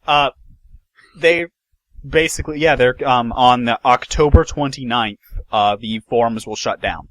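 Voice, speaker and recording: A man's voice: medium pitch, unhurried, no echo, poor audio. A man hosting a podcast, chatting casually about game news and often restarting his sentences. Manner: rambling, many restarts and fillers. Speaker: podcast host. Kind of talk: casual gaming news chat.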